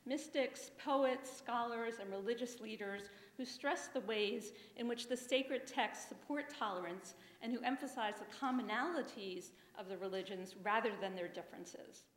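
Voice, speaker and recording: A woman delivers an earnest, measured speech in a fairly high voice. The sound is roomy, with a long echo of a large hall behind her. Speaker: symposium speaker. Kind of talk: prepared speech.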